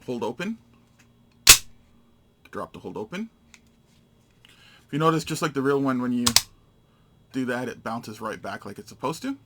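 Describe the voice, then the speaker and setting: A man's voice: mid-range voice, animated, normal speed, pauses often, heavy background noise. A man giving a casual, hands-on product demonstration, narrating each step in short, matter-of-fact phrases. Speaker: gun reviewer.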